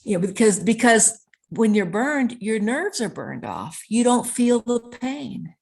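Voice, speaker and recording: A woman's voice: fairly high pitch, big pitch swings, unhurried, creaky. Earnest woman recounting a story. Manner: earnest, piles up clauses with repeated "and". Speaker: author and interview guest. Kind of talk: conversational storytelling interview.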